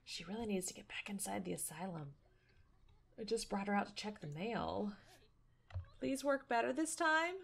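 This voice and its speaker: Woman, let's play commentary, bright clear tone, lively swooping pitch, excitable, chatty with viewers. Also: moderate pace. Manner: excitable, squeals and laughs at surprises; chatty, talks to viewers and game characters. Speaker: gaming YouTuber.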